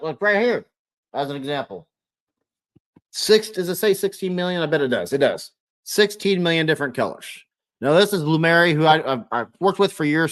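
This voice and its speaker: A man's voice: mid-range voice, a bit bright. A man hosting a casual live stream, reading viewer comments aloud and answering them by name, rambling and rephrasing himself as he thinks aloud.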